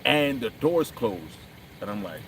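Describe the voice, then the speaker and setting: A man's voice: medium pitch, very animated, measured pace, slight background noise, low-quality recording. A man chatting casually outdoors, animatedly telling a story and acting out quotes with lots of swearing. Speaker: vlogger. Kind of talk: casual chat while riding. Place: outdoors on city streets.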